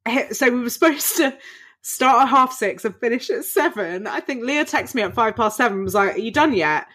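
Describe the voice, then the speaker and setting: A woman chats in a bright, fairly high voice that swoops all over the place. She is expressive and playful and tells things dramatically. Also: fairly quick, slightly rough. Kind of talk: casual chat.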